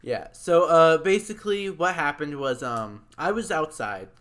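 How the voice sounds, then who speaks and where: A man's voice: on the high side, lively intonation, a little slow, fairly bright tone. Young man chatting on a podcast. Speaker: podcast co-host. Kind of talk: casual chat.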